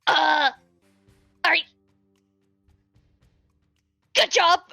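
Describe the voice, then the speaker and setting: A woman's voice: very high-pitched, slow, pushed and bright, no echo, soft background music, pitched above the performer's own voice, full character voice. Woman doing a frightened little kobold prisoner. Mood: scared pleading. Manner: stammering, frantic, pleading.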